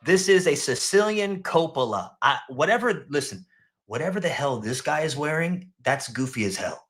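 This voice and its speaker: Male host, mocking reaction commentary, lively pitch, bright tone. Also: moderate pace. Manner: animated, mocking, profane. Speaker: show host reacting to clips.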